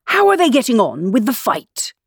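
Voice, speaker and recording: A woman playing a fussy old storybook king, impatient and bossy, his voice lifted high and swinging about. The reading sounds close and dry. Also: big pitch swings, moderate pace, darkish tone, no echo. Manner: impatient, commanding.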